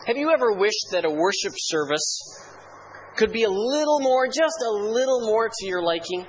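High-voiced pastor telling church jokes. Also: male voice, fairly bright tone, highs cut off, a little hiss or hum. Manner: dry storytelling humor, mock-solemn archaic hymn recitation. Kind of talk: sermon with humorous anecdotes.

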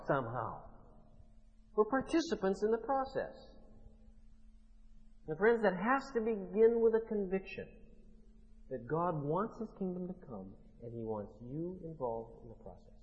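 A man preaching a sermon as pastor, emphatic and building to forceful declarations. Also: fairly high pitch. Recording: muffled sound in a large reverberant hall.

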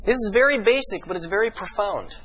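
A man preaching a sermon as pastor, emphatic and full of rhetorical questions, slowing down for dramatic pauses. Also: sits high, animated, a bit bright, slightly rough, low-quality recording.

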